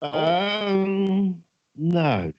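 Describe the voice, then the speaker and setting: A male guest trading jokes on a livestream, hesitant and wry, with a lively, swinging pitch. His audio is a bit dull and lo-fi. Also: drawn-out words. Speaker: guest, visual effects artist. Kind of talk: casual livestream chat.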